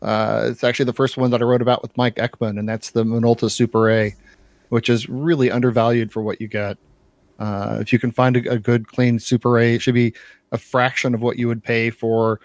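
A man's voice: mid-range voice, flat delivery, fairly quick, dry recording. A man co-hosting a podcast in casual chat, talking at length with many repeats and filler words. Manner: repeats words, lots of uh and you know. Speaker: podcast co-host.

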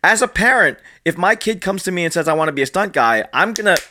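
Man as interview host, bright and forceful tone, eager reactions. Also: sits high, expressive, slight background noise. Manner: enthusiastic, quick affirmations. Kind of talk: casual interview conversation.

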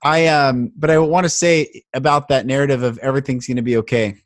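A man hosting a podcast in casual conversation, telling stories in an animated, emphatic way. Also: medium pitch, a little fast, no room sound, clean studio sound. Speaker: podcast host.

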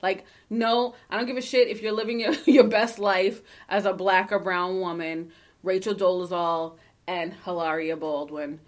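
A woman co-hosting a podcast, speaking at a medium pitch with emphatic conviction. She swears freely and breaks into laughter often. At times she reads a listener's letter aloud. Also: fairly even intonation, normal speed. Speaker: podcast co-host. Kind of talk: casual podcast chat.

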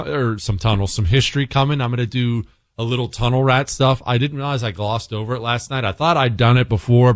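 A man hosting a talk radio show, speaking bluntly and sarcastically, swinging between low mutters and loud outbursts. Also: no echo, studio quality. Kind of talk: opinionated talk radio monologue.

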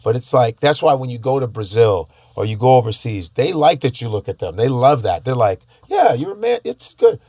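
A man's voice: medium pitch, a little fast, few pauses, a little mellow, no room sound, studio quality. A man chatting casually, rambling and laughing easily, often restarting his sentences. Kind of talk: casual chat.

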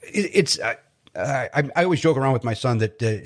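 A stand-up comedian from Chicago chats as a guest in a casual interview, his mid-range voice brisk and expressive. He rambles, makes fun of himself and repeats words when starting to speak.

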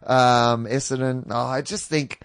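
Man, podcast co-host, casual sports chat, jokey, mid-pitched voice, dry close mic. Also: fairly even intonation, a little slow, a bit bright, clean tone, no room sound. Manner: chatty, jokey, filler-heavy.

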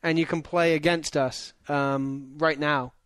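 A man with a slightly higher voice co-hosts a casual football talk show. He talks in an easygoing, plain way. The sound is dry and close. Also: fairly even intonation, a little slow, fairly bright tone, clean tone, no echo. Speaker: co-host.

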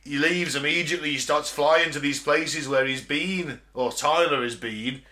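A man's voice: a little high, moderate pace, sharp tone. A man, co-hosting a podcast and retelling film scenes in a rambling, sweary way with laughs. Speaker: podcast co-host. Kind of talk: casual chat recapping a film.

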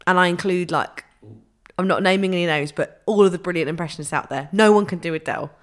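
A woman co-hosting a podcast, chatting casually, swearing freely and laughing easily. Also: lowish voice. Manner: lively, swearing, quick to laugh. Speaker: podcast co-host. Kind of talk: casual chat.

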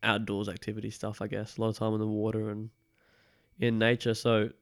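A young man chats in a loose, rambling way, his accent caught between British and Australian. His voice sits a little low with a gravelly edge. The recording is dry and close. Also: a little fast, dry recording. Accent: mix of British and Australian. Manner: relaxed, rambling, many fillers. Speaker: podcast guest. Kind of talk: casual chat.

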